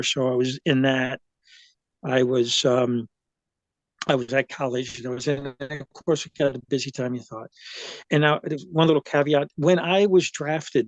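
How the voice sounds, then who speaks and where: A man's voice: mid-range voice, no echo, muffled recording. A man in his seventies, a guest in an interview, telling a personal story in a rambling way, full of restarts and fillers.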